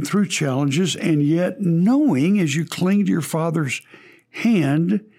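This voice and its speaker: A man's voice: on the high side, a little mellow. A man with a Texas accent hosting a faith podcast, speaking earnestly in a preacherly way and quoting scripture. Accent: Texan. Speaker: podcast host. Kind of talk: devotional podcast talk.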